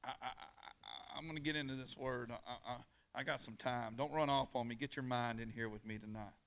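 A man preaching a sermon in church, calling on the congregation to answer back and swinging from hushed, close lines to loud declarations. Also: medium pitch, fairly even intonation, fairly quick, creaky, slight background noise. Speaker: pastor. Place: church on a weeknight.

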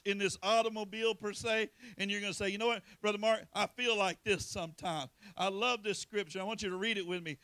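A man preaching a sermon, pleading and impassioned, with sudden loud swells. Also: sits high, no echo.

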